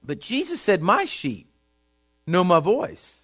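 A man's voice: high voice, wildly swooping pitch, slow, fairly bright tone. A man preaching a sermon in an emphatic, folksy way, repeating his points and reading Bible verses aloud.

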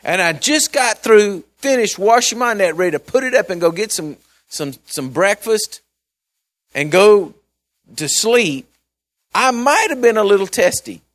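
Male pastor, slightly high voice, conversational folksy sermon delivery with loud-to-quiet swings. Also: lively intonation, a little slow. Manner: conversational, folksy preaching with asides and repeated words; swings between loud emphasis and quiet mumbling.

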